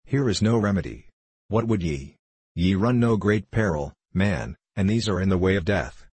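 A man's voice: sits low, lively intonation, moderate pace, a little mellow, husky. A man reading the lines of an earnest, loyal young squire in a storybook. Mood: urgent. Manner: urgent and pleading.

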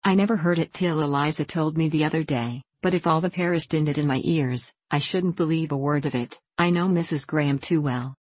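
A woman's voice: low-pitched, brisk, few pauses, dry recording. A woman reading the part of a loyal, plain-spoken young woman in an audiobook, firm and matter-of-fact.

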